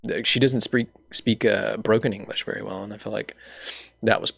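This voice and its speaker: A young man from Alabama with a Southern accent, hosting a casual interview and telling stories with animated quoted voices. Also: fairly low pitch, moderate pace, gravelly, slightly rough, no room sound, clean studio sound. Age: young adult. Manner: animated storytelling, acts out voices. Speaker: podcast host.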